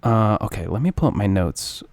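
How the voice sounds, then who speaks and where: Low-voiced young man teasing on a podcast. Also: lively intonation, moderate pace, gravelly, darkish tone, a little hiss or hum. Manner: teasing, profane, rambling with many fillers. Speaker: podcast co-host. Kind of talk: casual podcast banter.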